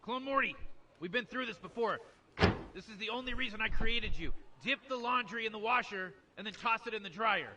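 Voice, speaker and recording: Man doing a rambling, dismissive old mad scientist, high-ish voice, talks fast. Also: noisy background, close to an everyday voice. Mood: placating. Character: scheming careless old male mad scientist. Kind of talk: fan voice impression over gameplay.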